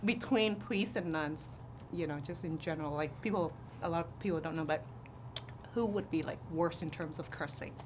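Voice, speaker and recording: A woman's voice: low-pitched, normal speed, a little hiss or hum. A woman interviewing film guests, asking chatty questions with a giggly manner. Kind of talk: casual interview.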